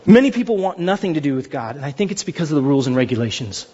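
A man preaching a sermon as pastor, animated and joking, acting out voices of others. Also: on the high side, rapid-fire, few pauses, husky. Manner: animated, jokey delivery with mock voices. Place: large church hall. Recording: dull sound with long hall reverb.

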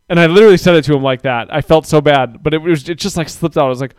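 A man in his thirties co-hosting a podcast, telling a long, profane story about his kids. His voice sits a little high and comes across smooth and clean, recorded close and dry with no room sound. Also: rapid-fire, few pauses, no echo. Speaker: podcast co-host; father of young kids. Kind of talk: casual chat.

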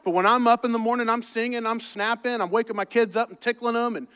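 A middle-aged pastor with a very high voice preaches with quick humor and asides to his congregation. His words ring out with a long reverb through a large church hall. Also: steady tone, fairly bright tone, clean tone. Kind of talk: sermon.

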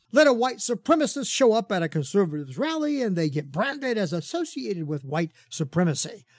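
A man's voice: high-pitched, darkish tone, no echo, studio quality. A man hosting a radio show as a pastor, giving an opinionated commentary monologue with frequent fillers and chuckles.

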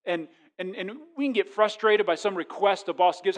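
Male pastor, high-pitched, animated sermon delivery that acts out voices, moving between booming and hushed. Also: moderate pace. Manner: animated, acts out quoted voices, swings from loud to quiet.

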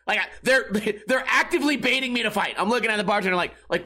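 A man's voice: high-pitched, fast talker, pushed and bright. A middle-aged man from Las Vegas telling a rambling, profane story in casual chat, getting heated and laughing between lines.

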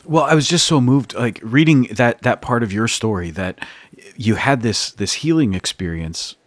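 A priest co-hosting a podcast, talking eagerly and quickly and tripping over his words when excited. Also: mid-range voice, dry recording. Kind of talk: casual chat.

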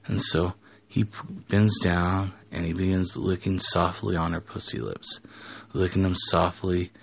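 Husky-voiced man telling an improvised story. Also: low voice, a little slow, a bit bright. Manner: casual, with frequent restarts and self-corrections. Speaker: storyteller and show host.

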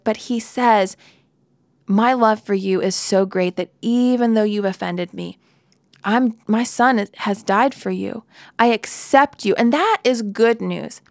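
A woman gives a conversational sermon in a fairly high voice. She is earnest and breaks into playful asides now and then. The recording is dry and close, with no room sound. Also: no room sound. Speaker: preacher.

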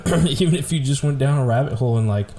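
A man's voice: medium pitch, fast, mellow, slight background noise. A man co-hosting a casual podcast, talking in a loose, rambling way with some swearing. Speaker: podcast co-host.

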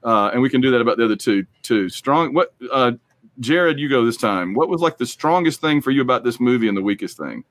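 A man co-hosting a casual movie podcast, talking in a rambling, jokey, animated way. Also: medium pitch, fairly quick, no echo. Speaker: podcast co-host.

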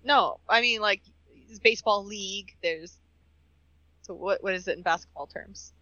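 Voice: medium pitch, normal speed, sharp tone, no room sound, dull audio. A podcast co-host in casual chat, blunt and swearing freely.

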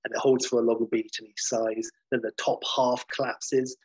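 A man's voice: mid-range voice, flat delivery, moderate pace, a little mellow, breathy edge, no echo, rough recording. A man casually recounting a story in a rambling, sweary way, with many fillers and restarts.

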